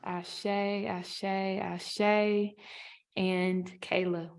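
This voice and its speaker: A woman moderating a panel over a video call, with gentle affirmations and many fillers. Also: medium pitch, flat delivery, extremely slow, creaky, a little hiss or hum.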